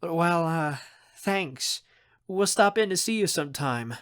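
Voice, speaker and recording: A man's voice: fairly high pitch, expressive, slow, a bit bright, clear, resonant tone, voice pushed up. Man doing a friendly young woman, eager to please, slightly raised, audiobook. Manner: friendly, eager, a bit suck-up.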